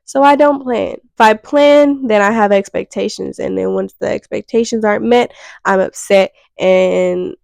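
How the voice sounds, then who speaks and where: A woman's voice: mid-range voice, normal speed, creaky, darkish tone, dry recording, poor audio. A young woman vlogging, talking frankly and a bit rambly about herself and swearing casually. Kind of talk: candid self-reflective monologue.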